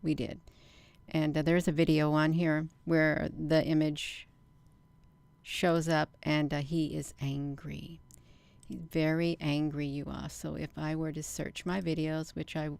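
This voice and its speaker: A woman with a low, deep voice hosts her own livestream. She speaks slowly and earnestly, repeats herself and fills pauses with ums. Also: flat delivery, creaky, a little mellow. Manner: slow, earnest, repetitive, with many ums. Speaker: channel host. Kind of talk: casual livestream vlog.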